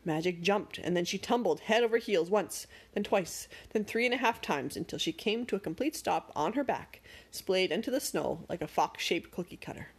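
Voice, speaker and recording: A woman narrating a storybook with expressive, dramatic pacing. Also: medium pitch, moderate pace, husky.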